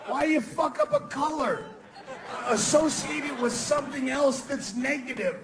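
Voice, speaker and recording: A male stand-up comic with a high, gravelly voice rants sarcastically on stage. He takes his time between punchlines and bursts into mock shouts. The crowd's laughter carries through the live club recording. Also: very animated, a little slow, poor audio. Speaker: stand-up comedian. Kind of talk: stand-up comedy set. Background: audience laughter.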